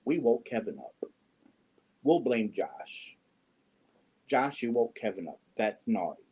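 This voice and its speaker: A man's voice: fairly low pitch, sing-song, takes it slowly, a little mellow, breathy edge. A man hosting a crochet livestream, chatting casually, reading viewer comments and cooing to his cats. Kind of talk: casual chat while crocheting.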